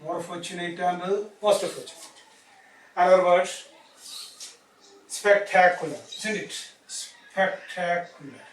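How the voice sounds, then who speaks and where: A man's voice: high voice, steady tone, unhurried, long pauses. A man teaching a grammar lesson, spelling words letter by letter and asking "isn't it?" after each point. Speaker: English teacher. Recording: echoey room, distant mic, faint hiss.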